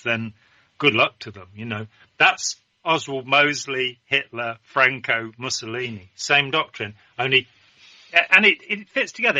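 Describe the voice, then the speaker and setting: A man's voice: mid-range voice, pushed and bright, dry recording. A man talking as a guest in a political discussion, emphatic and opinionated.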